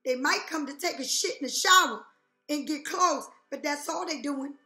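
A woman's voice: high voice, normal speed, sharp tone, soft background music. A woman giving a tarot reading to her viewers, talking bluntly and profanely and firing rhetorical questions. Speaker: tarot reader. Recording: echoey room.

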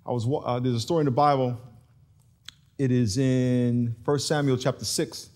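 A man preaching a sermon as pastor, animated and storytelling, chuckling often. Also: medium pitch, moderate pace. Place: large church.

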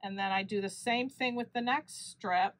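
A woman hosting a quilting channel, explaining each sewing step calmly and correcting herself now and then. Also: medium pitch, moderate pace, no echo. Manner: steady step-by-step explaining with small self-corrections. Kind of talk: unscripted sewing tutorial.

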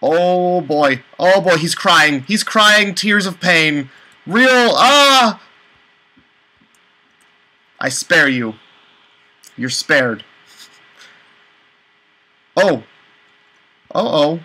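A man commentating a let's play, exasperated, with high panicked outbursts and swearing. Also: expressive, drawn-out words, pauses often, sharp tone, poor audio. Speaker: gaming channel host.

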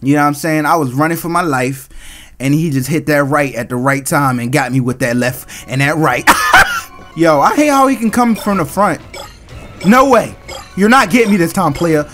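A man's voice: on the high side, moderate pace. Screaming, slangy let's-play gamer guy. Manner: excitable, screams at jump scares, slangy banter with the game. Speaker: gaming channel host. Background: game music.

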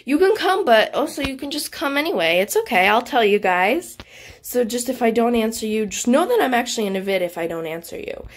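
A female YouTuber giving casual gameplay commentary, excitable and giggly, gasping and chatting straight to her viewers. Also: fairly high pitch, fairly quick. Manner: excitable and giggly, gasps and squeals; chatty, speaks directly to viewers. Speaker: gaming YouTuber.

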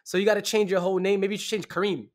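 In a casual podcast conversation, this male co-host talks rapid-fire in a high voice with little pitch movement. His delivery is heated and mocking, and he tells his stories with plenty of animation.

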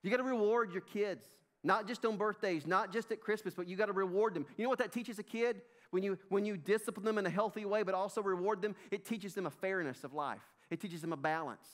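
A man's voice: high-pitched, a little fast. A middle-aged man with a Southern US accent preaching a sermon in church, emphatic and repetitive, calling his congregation "folks.". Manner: emphatic, repeats himself, addresses congregation as folks. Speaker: pastor. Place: church sanctuary.

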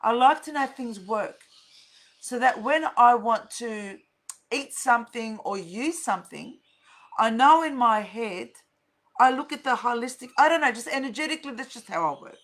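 A middle-aged woman talks straight to her viewers in a high voice. She lectures bluntly, swears often and hammers her points home by repeating them. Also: lively intonation, moderate pace, a bit bright. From Australia. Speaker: vlogger, counsellor.

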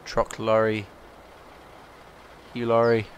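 A man's voice: fairly low pitch, monotone, slow, a little hiss or hum. A man chatting playfully while playing a game, reading characters aloud in put-on voices.

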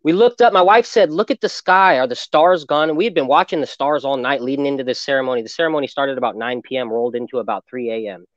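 A man hosting a casual interview, talking in a relaxed, affirming way and telling his own story. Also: medium pitch, fast talker, few pauses, dry recording, lo-fi sound. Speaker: host.

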